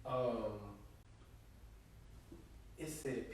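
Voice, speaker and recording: A man co-hosting a podcast in casual chat, his voice sitting in the middle range for a man. He gets loud and animated when he argues. The room is very echoey and he sounds far from the mic. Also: mid-range voice, moderate pace, a little hiss or hum. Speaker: podcast co-host.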